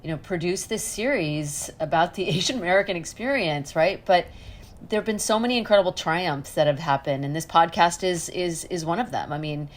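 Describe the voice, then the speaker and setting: Thoughtful middle-aged woman, slightly low voice. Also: fairly quick. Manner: earnest, thoughtful, with frequent restarts. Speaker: guest journalist. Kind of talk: casual podcast conversation.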